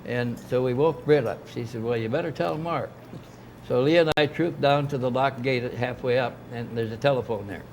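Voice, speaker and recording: An older man, a guest at a club gathering in a dining room, tells a long anecdote in casual conversation as an interview guest. His mid-range voice moves at a moderate pace, and his rambling storytelling is full of restarts and asides, with a little hiss or hum in the audio.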